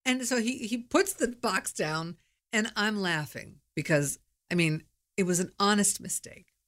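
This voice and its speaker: A woman's voice: mid-range voice, lively intonation, unhurried, fairly bright tone. Candid, chatty woman podcast host. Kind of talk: casual monologue.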